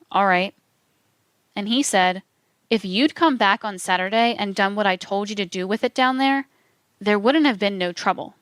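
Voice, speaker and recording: A woman narrating a true-crime account in a measured, even reading, voicing quote marks aloud. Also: medium pitch, clear, resonant tone, dry recording.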